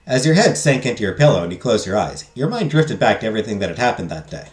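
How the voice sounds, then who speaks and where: Man, game streamer, reading visual novel text, very lively pitch, echoey room, faint music behind. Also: fast. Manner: reads story text, drops crude joking asides.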